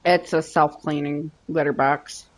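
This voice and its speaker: A woman's voice: sits low, steady tone. A woman game streamer chatting casually and teasing her viewers and pets while she plays. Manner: playful, teasing, drawn-out. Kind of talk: casual chat while gaming.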